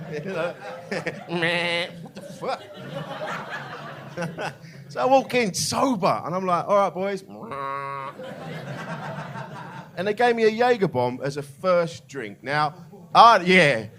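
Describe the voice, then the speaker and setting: A man doing a stand-up comedy set in a club, brash and swearing, mocking laddish banter. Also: sits high. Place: comedy club with live audience. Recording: live club with crowd laughter.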